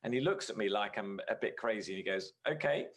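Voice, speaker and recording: A man's voice: fairly low pitch, fairly even intonation, fast talker, fairly bright tone. A man giving a conversational sermon as a guest speaker, earnest and storytelling, with frequent filler words.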